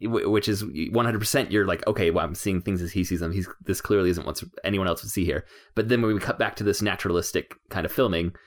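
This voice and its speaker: A man analyzing a film in casual conversation, thoughtful and measured. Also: low-pitched. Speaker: podcast co-host.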